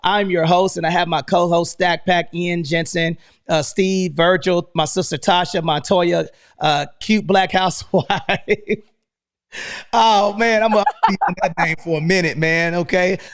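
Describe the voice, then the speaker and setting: This American man hosts a live stream with hype and slang to spare, constantly tacking "man" onto the end of his lines. His high voice carries a gravelly edge, yet he speaks without hurrying.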